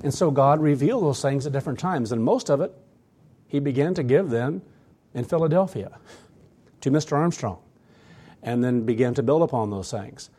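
A man's voice: mid-range voice, animated, normal speed, pauses often, dark tone, husky. A man preaching a sermon to his church, earnest and emphatic, often repeating phrases for weight. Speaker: pastor.

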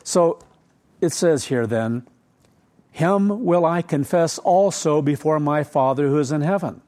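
Preaching at a measured pace, this middle-aged man has a slightly high voice with a darkish tone. His sermon is conversational, full of rhetorical questions and asides, as befits a pastor.

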